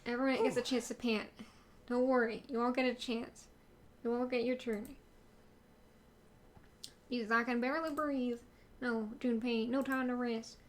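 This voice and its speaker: A woman's voice: fairly high pitch, steady tone, normal speed, long pauses, natural voice. A woman voicing a tired young male hero in a put-on cowboy drawl, reading game text aloud over music. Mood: weary, determined.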